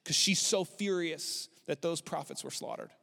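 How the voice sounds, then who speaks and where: A man in his thirties preaching a sermon as a pastor, animated and swinging up high when he voices a despairing prophet. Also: normal speed, vocal fry. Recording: long hall reverb.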